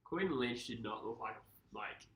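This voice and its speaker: A man's voice: mid-range voice, lively intonation, fairly bright tone. A young man with a mild Australian accent, co-hosting a casual live stream over a football game and reading out viewer comments. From Perth, Australia. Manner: chatty, reads viewer comments, quick laughs. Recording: echoey room.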